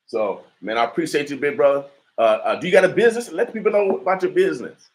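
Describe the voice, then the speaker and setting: A man's voice: fairly high pitch, fast talker, rough recording. A man hosting a community radio morning show, talking in a fired-up, emphatic way with many stammers and fillers, with an Omaha accent. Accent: Omaha, Nebraska. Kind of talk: fired-up talk radio commentary.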